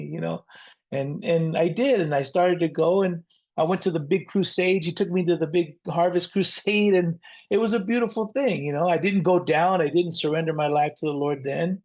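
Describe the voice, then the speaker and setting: An earnest middle-aged man tells his life story as an interview guest. His voice sits a little high with plenty of gravelly fry. The recording sounds dull and lo-fi. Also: moderate pace, a little mellow. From San Diego area, near the Mexican border. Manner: earnest, reflective, faith-centered. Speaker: guest, rock band frontman.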